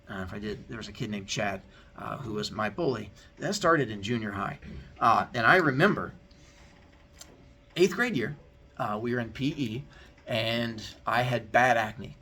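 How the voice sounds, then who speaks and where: A man's voice: medium pitch, creaky, a bit bright. A male teacher giving a heartfelt, candid talk to his students, telling a personal story in an earnest way.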